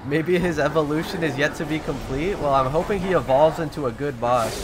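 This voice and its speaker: A young man streaming a video game, giving excitable, slangy commentary and swearing often. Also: a little high, a little fast, background noise. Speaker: gaming streamer. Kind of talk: gameplay commentary. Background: game music.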